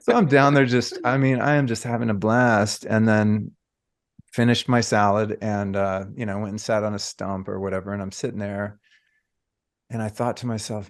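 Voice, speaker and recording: A man hosting a podcast, telling a personal story in a casual, reflective way with drawn-out phrases. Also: on the low side, fairly even intonation. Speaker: podcast host.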